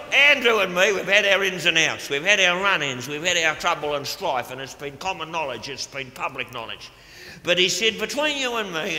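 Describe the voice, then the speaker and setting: A man's voice: fairly high pitch, vocal fry, sharp tone, echoey room, big-room sound, slight background noise, exaggerated voice. A man playing a crude, boozy middle-aged Australian official in a live stand-up monologue, with a brash, gleeful drawl and an Australian accent. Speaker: stage comedian in character. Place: stage before a live audience. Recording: live theater recording with audience.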